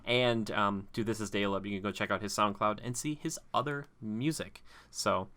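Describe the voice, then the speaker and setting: A man's voice: lowish voice, normal speed, bright, forceful tone. A man hosting a podcast in casual chat, rambling along with lots of fillers. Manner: rambling, filler-heavy talk. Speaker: podcast host.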